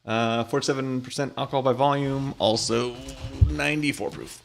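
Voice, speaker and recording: A man's voice: mid-range voice, fairly even intonation, normal speed, gravelly, faint music behind. A middle-aged man co-hosting a casual live chat show, laid-back and laughing often as he reads out bottle details. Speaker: podcast co-host. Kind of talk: casual chat and whiskey review.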